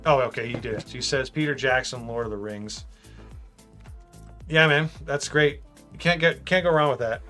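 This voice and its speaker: A man's voice: mid-range voice, moderate pace, pushed and bright. A man chatting casually on a live stream while building a model, reading out viewer comments and tossing in "man" a lot. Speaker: livestream host building a brick model. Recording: faint music behind.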